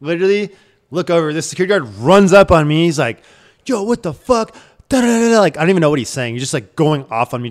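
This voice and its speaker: Fast-talking young man, rambling and swearing. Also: on the high side. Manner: rambling, swears a lot, laughs often. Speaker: co-host. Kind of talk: casual storytelling chat.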